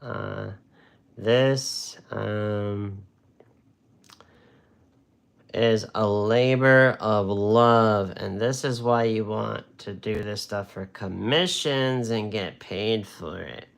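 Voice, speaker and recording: A man's lowish, creaky voice moves slowly as he runs an easygoing watercolor class online. Drawing as he talks, the instructor jokes and wanders from topic to topic.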